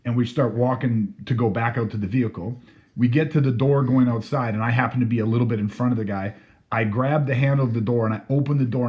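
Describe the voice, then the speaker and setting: A man's voice: medium pitch, highs cut off. A man telling a story casually, laughing through his words and swearing freely. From Canada.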